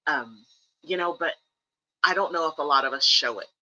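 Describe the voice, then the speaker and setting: A woman's voice: sits low, moderate pace, bright, forceful tone, lo-fi sound. A woman from the United States hosting a livestream, giving candid, emphatic advice and repeating key phrases for stress. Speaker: streamer host. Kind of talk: casual livestream talk, earnest advice.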